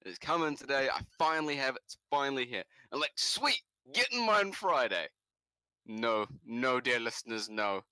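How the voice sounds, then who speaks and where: Young NZ man, podcast co-host, animated storyteller with a bright, dry-recorded voice. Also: a little fast, few pauses, clear, resonant tone, dry recording. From New Zealand. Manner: animated, jumps into high shouts for quoted lines. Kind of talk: casual storytelling.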